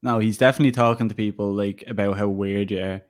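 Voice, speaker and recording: Dry teasing young co-host. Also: male voice, fairly low pitch, fairly even intonation, fast. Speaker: podcast co-host. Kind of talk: casual football podcast chat.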